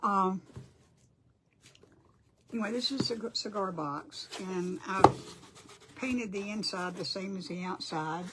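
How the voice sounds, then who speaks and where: A woman's voice: medium pitch, slow pace, long pauses, heavy background noise. An older woman hosting a casual crafting livestream, chatty and apologetic as she greets viewers by name.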